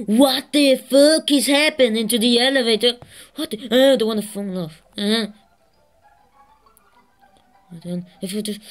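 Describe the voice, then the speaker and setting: A woman hosting a gaming channel, giving excitable let's-play commentary, swearing constantly and laughing at herself. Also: medium pitch.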